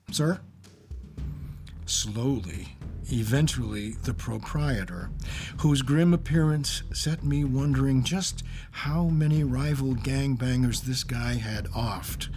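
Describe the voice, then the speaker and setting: A man who teaches English, telling a personal story in a wry, self-mocking way. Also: mid-range voice.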